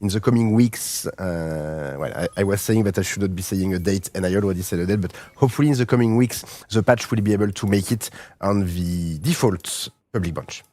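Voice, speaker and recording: A man's voice: sits low, brisk, hardly any pauses, dark tone, dry recording. A man with a French accent, a native French speaker, chatting eagerly about game updates on a live stream, with many fillers and restarts. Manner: enthusiastic, hesitant with fillers. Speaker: studio community team member co-hosting a stream. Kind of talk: casual live-stream chat.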